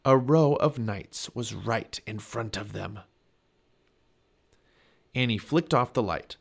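A man reading a children's chapter book aloud, with expressive storybook narration. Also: on the low side, takes it slowly, creaky, long pauses. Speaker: family podcast reader.

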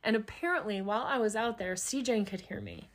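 Her mid-range voice runs a little fast as this podcast co-host spins an animated, casual story. She laughs often throughout.

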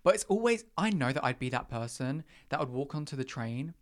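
A young man, hosting a podcast in a chatty, self-mocking way, often jumping up high in pitch. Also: big pitch swings, fairly quick. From England. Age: young adult. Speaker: podcast host. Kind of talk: casual chat.

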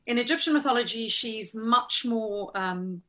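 A middle-aged actress tells stories in a casual interview, animated and often laughing as she acts out lines she remembers. Her voice is fairly high and her pace a little slow.

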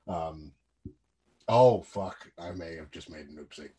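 A man playing a tabletop game, describing his character's actions in a mumbly way and trailing off into quiet asides. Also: low-pitched, unhurried, breathy edge. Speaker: player. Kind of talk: casual tabletop play.

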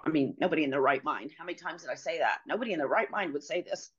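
Middle-aged woman guest, deep-toned and earnest, recounting her story haltingly over a dull, muffled recording. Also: husky. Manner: earnest, halting, many pauses and fillers. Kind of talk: personal storytelling.

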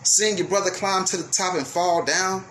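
Heated, high-pitched man ranting profanely. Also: fairly even intonation, moderate pace, slight background noise. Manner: profane, heated, swings from yelling to apologetic. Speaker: radio show host. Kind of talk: ranting monologue.

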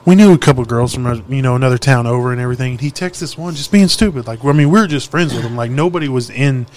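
A man's voice: medium pitch, fast talker. A young man telling rowdy stories in casual chat, swearing freely and acting out what people said. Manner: profane, animated storyteller acting out quotes. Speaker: podcast host.

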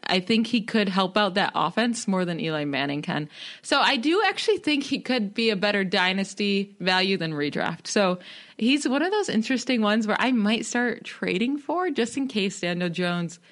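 A woman's voice: medium pitch, lively intonation, moderate pace, a bit bright. A woman co-hosting a podcast, chatting casually and enthusiastically, often restarting her sentences. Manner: enthusiastic, chatty, self-interrupting. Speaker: podcast co-host.

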